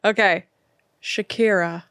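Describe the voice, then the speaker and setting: A young woman co-hosting a comedy podcast, calling out prompts and briskly moving the game along. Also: mid-range voice, steady tone, fairly bright tone, smooth, no room sound. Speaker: podcast co-host running the game. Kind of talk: casual chat.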